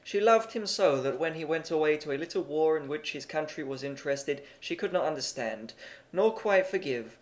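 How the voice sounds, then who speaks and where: Male amateur audiobook narrator, plain and measured, with a somewhat high voice. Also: expressive. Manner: plain, measured reading with occasional stumbles.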